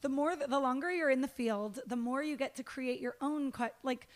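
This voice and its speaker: A woman who works as a red carpet interviewer, telling stories in a casual chat, animated and full of "like" and "dude". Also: sits high, brisk. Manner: animated storyteller, lots of "like" and "dude".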